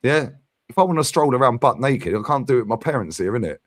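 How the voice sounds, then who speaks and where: A man's voice: mid-range voice, lively intonation, fast talker, no echo, clean studio sound. A man hosting a casual football fan chat, blunt and sweary, tagging "yeah?" onto his points. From London. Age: 40s. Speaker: fan channel host.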